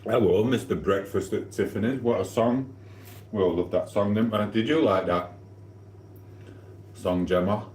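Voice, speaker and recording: Livestream host, man, very low voice, rambling cheeky banter, eats on mic in a roomy kitchen. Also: a little slow, long pauses, darkish tone, a little hiss or hum. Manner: rambling, cheeky and flirty, eating while talking. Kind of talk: casual live-stream chat. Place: home kitchen.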